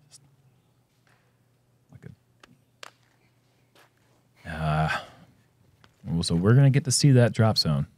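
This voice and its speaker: A man doing casual sports commentary, easygoing and quick to laugh as he banters with his co-host. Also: deep voice, expressive. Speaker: disc golf commentator.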